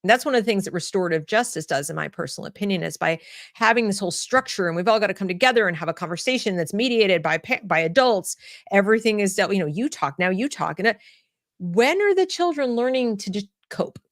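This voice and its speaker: Woman commentary host, mid-pitched, blunt and opinionated, repeats and restarts phrases. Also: lively intonation, quick pace, dry recording, studio quality.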